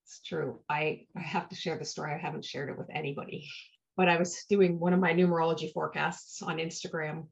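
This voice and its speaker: Woman with a gravelly low voice. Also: steady tone, brisk. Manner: personal storytelling, often tags "right?". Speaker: podcast host. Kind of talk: casual heartfelt conversation. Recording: dull lo-fi sound.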